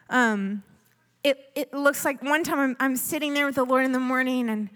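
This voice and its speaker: Woman preacher, high voice, earnest pleading sermon delivery with quiet asides.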